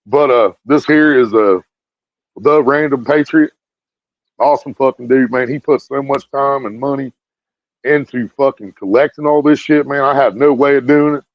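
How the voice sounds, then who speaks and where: A video streamer with a medium-pitched voice talks at a moderate pace on a dull, dry lo-fi recording. He rants bluntly at his viewers, swearing heavily and repeating himself.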